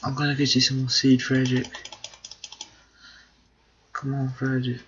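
A man's voice: medium pitch, completely flat delivery, moderate pace, fairly bright tone, lo-fi sound, a little hiss or hum. A man doing casual gameplay commentary, cheering on and pleading with his duck in a mock British accent. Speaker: gamer, video host.

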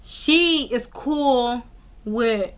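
Animated young woman telling a story. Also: a little high, extremely slow, slight background noise. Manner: animated, slangy storytelling full of "like" and "y'all". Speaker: vlogger. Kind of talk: casual storytime vlog.

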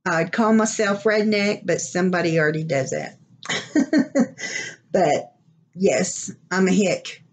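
A vlogger from Oklahoma, speaking with an Oklahoma accent, chats and rambles through an unboxing video, laughing often. Her voice is on the low side and expressive, with a slow pace and frequent pauses.

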